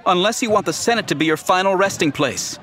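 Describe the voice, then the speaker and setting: Poised female senator, put on by a man narrator; brisk, crisp, lifted. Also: high voice, lively intonation, fairly bright tone, a faint crowd, slight background noise, pitched above the performer's own voice. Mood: urgent.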